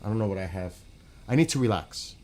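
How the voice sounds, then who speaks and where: A man's voice: lowish voice, expressive, quick pace, darkish tone. A man on a gaming stream in casual chat. He talks bluntly and swears a lot, rambles and restarts his sentences, and often drifts away from the mic.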